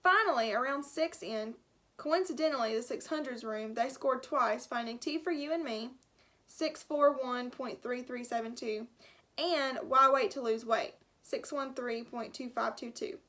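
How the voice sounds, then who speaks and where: Woman teacher, high voice, storybook read-aloud with animated character voices and chatty asides. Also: a little slow.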